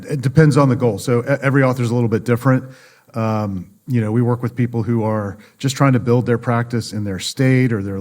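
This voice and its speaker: A man's voice: mid-range voice, darkish tone. A man guesting on a podcast, explaining publishing in a conversational way and acting out the people in his stories. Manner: storytelling, acts out quoted dialogue. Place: conference venue.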